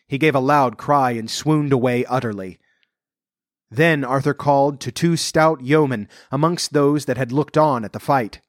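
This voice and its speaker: A man reading a medieval legend aloud as an audiobook narrator, in a measured storybook manner. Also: medium pitch, no room sound, studio quality. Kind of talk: scripted narration.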